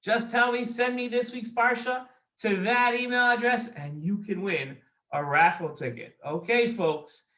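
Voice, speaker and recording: A man hosting a children's show, giving quiz instructions slowly and deliberately to young viewers. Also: extremely high pitch, sharp tone. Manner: slow, deliberate, talks straight to young viewers. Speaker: kids' show host. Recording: roomy echo.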